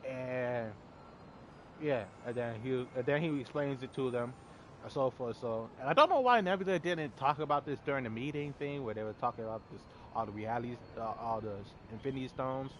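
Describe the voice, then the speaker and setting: A man's voice: medium pitch, brisk, a bit bright, a little hiss or hum. Rambling man recapping a movie casually. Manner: rambling, filler-heavy, swears casually. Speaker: movie reviewer.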